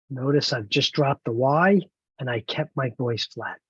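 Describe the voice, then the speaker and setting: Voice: medium pitch, a little slow, husky, no room sound, highs cut off. A trainer leading an online training webinar, encouraging and explaining step by step over a video call.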